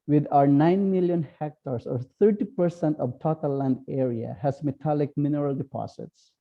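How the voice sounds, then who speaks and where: A man with a Filipino accent, a priest giving an online talk, speaking slowly and haltingly with many fillers. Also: fairly high pitch, steady tone, creaky, phone-quality sound. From Philippines. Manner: slow, halting, with frequent fillers.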